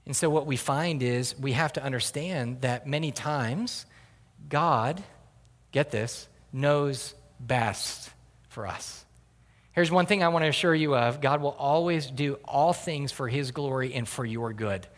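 A man's voice: mid-range voice, moderate pace. A middle-aged man preaching a sermon as a pastor, earnest and building to emphatic peaks, often restarting his words. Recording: long hall reverb.

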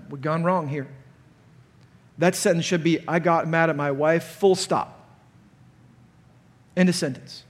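A man preaches at a conference, his voice sitting high for a man. He is animated and turns loud and sharp when he acts out the people he quotes. A long reverb hangs on every phrase in the large hall. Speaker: pastor. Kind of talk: conference sermon.

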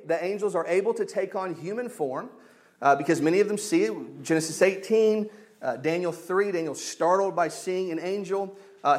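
A man teaches a sermon in an easygoing, conversational way. His voice sits a little high for a man, and he slips into quick character voices for quoted lines. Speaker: pastor.

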